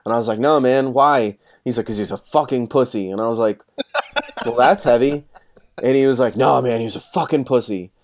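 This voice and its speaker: A man's voice: mid-range voice, fast, few pauses. A man in his thirties telling a rowdy story in casual chat, swearing freely and acting out what others said. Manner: profane, animated storyteller acting out quotes.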